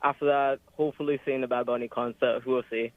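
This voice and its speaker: A man on a dry, tinny phone line, attempting a British accent and stalling with filler words. His voice is mid-pitched. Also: flat delivery, quick pace, no echo. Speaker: caller.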